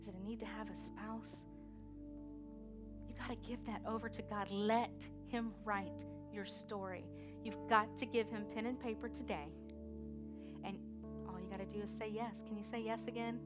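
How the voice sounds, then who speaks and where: A woman preaching a sermon with energetic call-and-response exhortation. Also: medium pitch, normal speed, over loud music.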